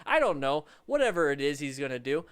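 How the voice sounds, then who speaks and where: Animated joking male riding coach. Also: a little high, fairly quick, clean tone. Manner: animated, joking, rambling with restarts. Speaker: motorcycle riding instructor. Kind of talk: livestream commentary on riding videos.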